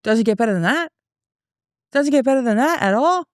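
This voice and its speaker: A woman's voice: on the high side, lively intonation, normal speed, dry recording, clean studio sound. Tipsy, profane young woman with a Boston accent. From Boston area, US. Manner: profane, rambling, tipsy storytelling with frequent restarts. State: drinking beer, tipsy. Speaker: podcast host and comedian. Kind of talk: casual solo podcast rant.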